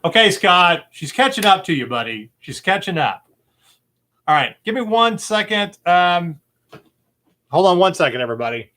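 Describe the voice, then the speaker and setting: A man's voice: high-pitched, very animated, moderate pace, sharp tone. A man hosting a casual movie-quote game show, easygoing and rambling, with lots of fillers and chuckles. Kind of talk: casual chat.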